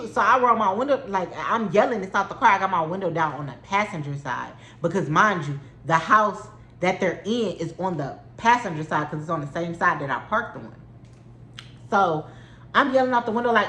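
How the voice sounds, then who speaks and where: A woman's voice: lowish voice, lively intonation, normal speed, sharp tone, reverberant. A young woman, telling a heated storytime, swearing and repeating herself for emphasis. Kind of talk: storytime vlog.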